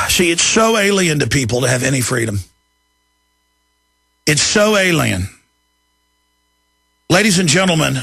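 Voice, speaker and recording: A man, hosting a talk radio show in an angry, emphatic rant that climbs into shouting. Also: on the high side, creaky, breathy edge, no room sound, studio quality. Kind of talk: ranting talk radio monologue.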